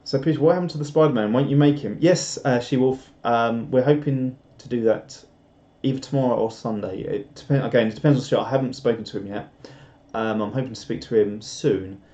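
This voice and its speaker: Brisk and barely pausing, a young man with a dark, mid-range voice hosts a casual live stream, reading out comments and rambling with self-deprecating jokes. The home recording sounds roomy and a little dull.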